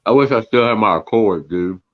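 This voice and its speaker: A man's voice: lowish voice, fairly quick, no echo, narrow, tinny audio. A man in a loose, laid-back chat who laughs easily and swears. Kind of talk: casual chat.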